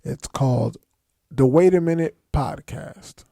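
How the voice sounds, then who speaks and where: A man with a New Jersey accent co-hosting a podcast in relaxed, slangy chat. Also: medium pitch, a little slow, very noisy. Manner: laid-back, slangy and chatty. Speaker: podcast co-host. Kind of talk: casual chat.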